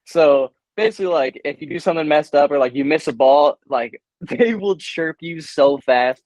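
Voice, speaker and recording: A young man talking as an interview guest, energetic and slangy, full of hype. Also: a little high, normal speed, no room sound. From United States. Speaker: guest, baseball prospect. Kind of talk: casual interview chat. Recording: dull, dry remote call audio.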